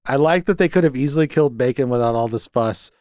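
A man's voice: medium pitch, fast, darkish tone, no echo. A man in the middle of his range chats about a film, retelling scenes and slipping into quoted lines between laughs. The sound is dry and close, with no room around it. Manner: rambling recaps with quoted lines and frequent laughs. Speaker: podcast host. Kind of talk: casual movie discussion.

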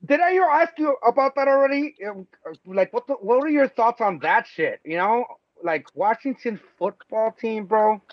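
A man hosting a casual sports podcast, talking loosely and excitably, swearing freely and laughing often. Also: very high voice, normal speed, dry recording. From Mexico. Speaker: podcast host. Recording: dull lo-fi sound, dry.

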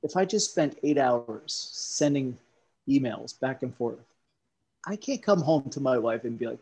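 A man talks in a casual podcast chat with a husky, slightly breathy voice. He tells animated stories and hops from one topic to the next. His pitch sits in a middle range. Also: a little slow. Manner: animated storyteller who jumps between topics.

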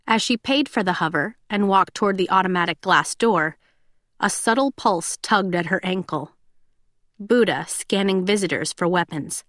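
A woman narrating a science-fiction audiobook in a steady, descriptive reading style. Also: medium pitch, normal speed, no room sound, clean studio sound. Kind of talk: scripted narration.

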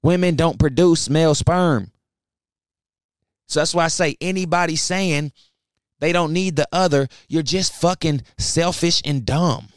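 A fired-up young man rants on his own podcast, blunt, profane and preachy. His voice sits a bit high for a man and sounds smooth and resonant. The sound is close and dry, with no room in it. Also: unhurried, dry recording. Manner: heated, fired up. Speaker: podcast host. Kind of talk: ranting solo podcast talk.

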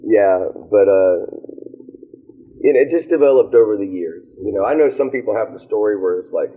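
A man telling stories of his ministry in a casual interview, animated and quick to laugh. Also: lowish voice, husky. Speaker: worship leader guest. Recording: tinny phone-like line.

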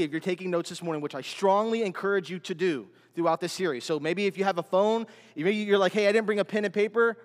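High-voiced emphatic male preacher. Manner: emphatic, repetitive preaching that builds in intensity. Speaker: pastor. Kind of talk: sermon. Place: church sanctuary. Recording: long hall reverb.

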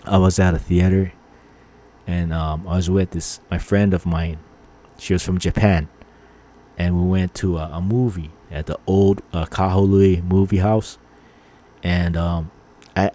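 Low, mellow middle-aged man telling stories. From Hawaii. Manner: rambling, fillers, acts out angry quotes. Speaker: podcast host. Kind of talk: casual storytelling monologue.

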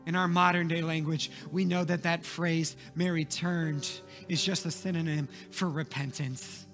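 A man preaching a sermon, telling the story dramatically, moving from hushed passages to shouting. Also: a little high, steady tone, normal speed, faint music behind.

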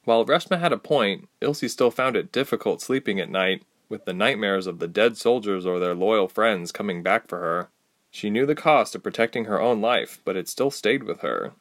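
A man narrating a fantasy audiobook in steady storytelling. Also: on the low side, normal speed.

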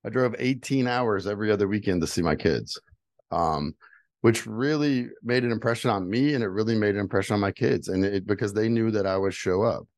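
A man's voice: lowish voice, brisk, darkish tone, no echo, clean studio sound. A middle-aged man telling a personal story as a guest, candid and earnest. He repeats phrases for emphasis and builds to emphatic advice. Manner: builds to emphatic, rising delivery when giving advice. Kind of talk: personal storytelling, motivational talk.

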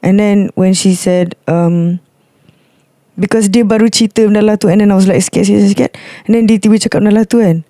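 Animated young storyteller with a Malaysian accent. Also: mid-range voice, fairly quick, no echo, studio quality. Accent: Malaysian English. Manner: animated, mixes Malay words into English, breaks into emotional laughter. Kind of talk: casual personal storytelling.

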